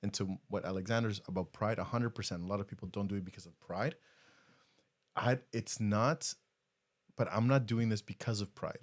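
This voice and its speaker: A middle-aged man co-hosting a casual podcast, talking earnestly with halting restarts and repeated words. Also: lowish voice. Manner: earnest, halting, repeats words, laughs when getting emotional. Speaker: podcast co-host.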